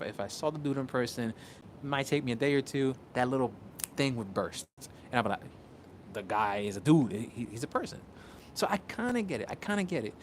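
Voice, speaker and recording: A man from Puerto Rico talks casually on a livestream. He rambles, repeats words, restarts often and swears freely. A faint hum of ambience sits behind his voice. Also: mid-range voice. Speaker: content creator.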